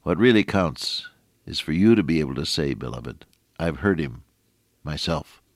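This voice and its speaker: A middle-aged man preaching a folksy radio sermon, quoting scripture in an animated way. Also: rumbling low, normal speed, dry recording, clean studio sound.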